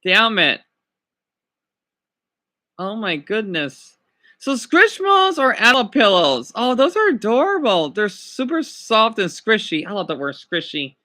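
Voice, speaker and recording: A man's voice: high-pitched, huge pitch swings, bright, forceful tone. A man chatting casually on a livestream, gushing and drawing out his words. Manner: gushing, drawn-out swoops when cooing over dogs.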